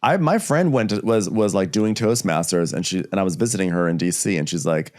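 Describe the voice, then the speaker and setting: Podcast co-host, male, low voice, casual joking recap, dry close mic. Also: brisk, a little mellow, no echo. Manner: chatty, acts out characters in quotes. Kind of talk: casual comedic recap chat.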